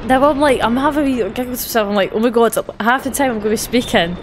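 A young woman from Scotland with a light Scottish accent chats casually while playing a video game on stream, answering chat and laughing at herself. Her voice is a little high, her speech rapid-fire, and there is background noise.

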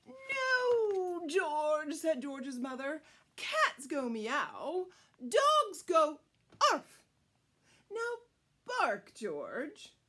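A woman's voice: sits high, huge pitch swings, very slow, bright, forceful tone, full character voice. A woman voicing an exasperated mother dog who scolds her pup in a firm, insistent tone, for a storybook read-aloud. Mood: scolding.

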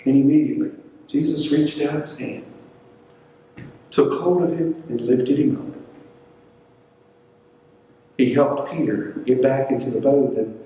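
A man preaches from a church sanctuary, voicing the people in the stories he tells as a pastor. He speaks in a steady, dark, medium-pitched voice, unhurried and pausing often, and the distant mic picks up the hall's echo.

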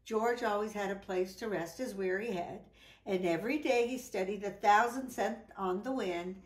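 A woman reading a children's picture book aloud in an animated, sing-song storytelling voice, with voiced exclamations and howls. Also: medium pitch, normal speed, echoey room.

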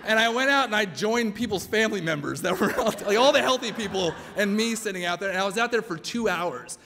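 High-voiced man telling a story on stage. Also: lively intonation, a little fast, gravelly, fairly bright tone. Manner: chatty, self-mocking, full of "like". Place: church hall with live audience. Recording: long hall reverb, faint room noise.

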